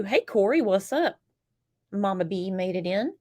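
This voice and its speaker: A woman's voice: mid-range voice, lively intonation, unhurried, darkish tone. A woman with a stuffed-up, congested voice hosting a true crime livestream, greeting viewers by name and giving blunt opinions in casual chat.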